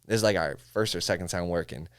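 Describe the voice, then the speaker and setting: Talking fast in a low voice, a male music engineer from Syracuse, upstate New York, chats casually as a podcast guest. He tells his stories with animation, acting out the studio dialogue and saying "bro" a lot.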